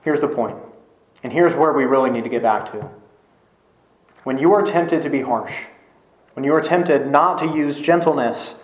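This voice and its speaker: A man delivers a sermon with earnest emphasis, stacking repeated phrases to drive each point home. His voice sits a little on the high side. The room adds a noticeable echo. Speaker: preacher. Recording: echoey room.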